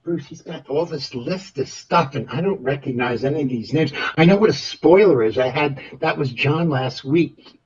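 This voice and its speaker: A man's voice: a little high, normal speed, darkish tone, lo-fi sound, lightly acted. A man playing a flustered, flamboyant airline pilot who rambles and stammers through repeated words in an improvised comedy bit. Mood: rambling. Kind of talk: improvised comedy role-play over radio chatter.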